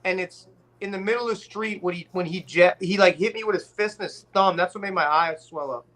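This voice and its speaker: A man's voice: high-pitched, brisk, pushed and bright. A man telling a long story in casual podcast chat, rambling with restarts and swearing. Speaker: guest rapper telling a story.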